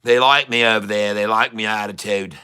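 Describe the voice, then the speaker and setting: A man's voice: fairly low pitch, steady tone, brisk, sharp tone, smooth. A middle-aged man giving live day-trading commentary, joking and rambling with showman asides to his viewers. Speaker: day trader streaming to viewers.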